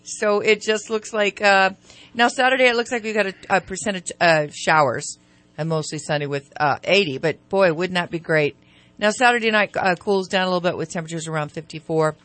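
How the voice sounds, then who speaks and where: A woman's voice: fairly low pitch, a little fast, fairly bright tone. Chatty woman reading the radio forecast. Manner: chatty, hesitant, many fillers, laughs often. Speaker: radio show co-host. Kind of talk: casual morning radio chat.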